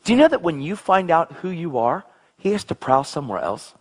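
Husky, animated male preacher. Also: fairly quick. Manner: excitable, exclamatory, swings between low intensity and high outbursts. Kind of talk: sermon.

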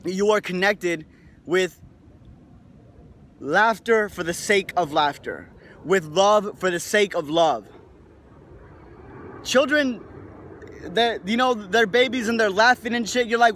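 A man's voice: high voice, animated, slow, long pauses, fairly bright tone, slight background noise. A young man giving a casual, rambling motivational monologue to his viewers, swearing freely and tagging sentences with "right?". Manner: rambling, profane, lots of "right?" tags. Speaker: video host.

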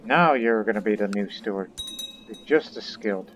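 A man's voice: on the low side, moderate pace, fairly bright tone, slight background noise. A man giving casual gameplay commentary as a let's play host, chatting to the characters on screen. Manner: chatty, talks to game characters.

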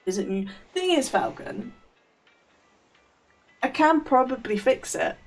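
A woman's voice: high voice, sing-song, measured pace, distant mic, music in the background. A woman chatting casually on a game live stream, rambling with stammered restarts and frequent laughs.

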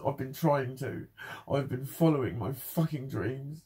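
A man's voice: medium pitch, unhurried, dark tone, breathy edge. A young man ranting in a personal vlog, swearing constantly and sounding frustrated and bitter. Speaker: vlogger. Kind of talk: angry personal vlog rant.

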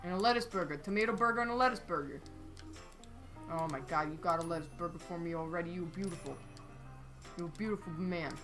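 A woman's voice: lowish voice, fast talker, a bit bright, soft background music. A woman streaming a cooking game, frantically calling out customer orders in casual chat.

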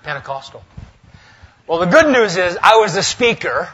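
A male pastor preaches a lively sermon in a church sanctuary, swinging between loud, emphatic lines and hushed asides. His voice sits high and sounds husky at normal speed, and the audio is dull.

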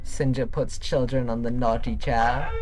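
A playful streamer chatting through a game in a relaxed, unhurried way. The voice sits in a middle pitch, often breaking into giggles while teasing chat. Soft music plays faintly underneath. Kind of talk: casual gameplay chat.

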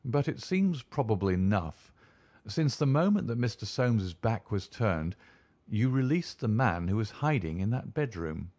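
A man voicing a calm, shrewd male detective who talks in a suave, measured, deliberate way. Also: fairly low pitch, no room sound. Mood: probing. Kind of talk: audiobook character reading.

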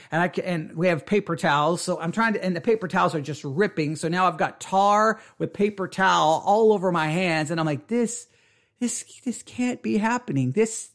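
High-voiced man telling a story animatedly. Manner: animated, acts out his own panicked exclamations; frequent stammered restarts. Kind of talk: casual storytelling.

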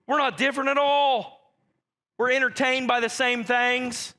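A man preaching a sermon with a very high, bright voice. He talks to the congregation in a direct, conversational way, calling them out plainly. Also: fairly even intonation, unhurried. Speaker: pastor.

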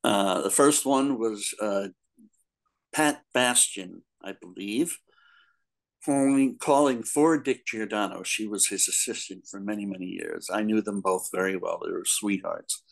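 A man in his sixties, a guest in an interview, telling stories in a casual, animated way, laughing often and acting out other people's lines. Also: fairly low pitch, unhurried, creaky, low-quality recording. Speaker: guest, comics editor.

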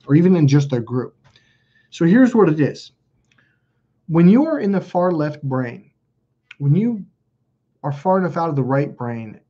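A man's voice: fairly high pitch, mellow, husky, lo-fi sound. A man hosting a self-help video, talking casually and acting out quoted dialogue in raised voices. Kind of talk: casual spoken monologue to camera.

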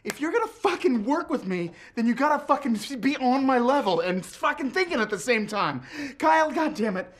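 In an improvised film comedy, a brash, bossy young male rock musician leads his band, profane and impatient, breaking into shouting and singing. His very high-pitched voice swings widely in pitch and moves fairly quickly over loud guitar playing.

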